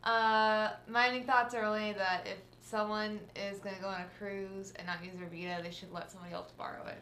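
A woman's voice: mid-range voice, level tone, brisk, pushed and bright, slight background noise. A woman co-hosting a casual podcast, teasing and self-deprecating, often giggling. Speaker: podcast co-host. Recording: echoey room, off-mic.

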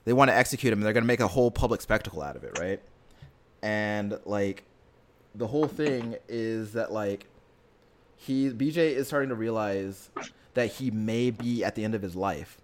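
Rambling, earnest man with a lowish voice. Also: moderate pace, slight background noise. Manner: rambling, filler-heavy retelling with many restarts; earnest and emotionally invested. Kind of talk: casual chat.

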